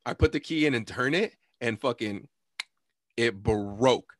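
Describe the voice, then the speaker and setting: A man's voice: medium pitch, measured pace, no room sound, studio quality. A young man telling a story in casual chat, cursing a lot and acting out quotes. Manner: animated storytelling, heavy cursing, acts out quotes.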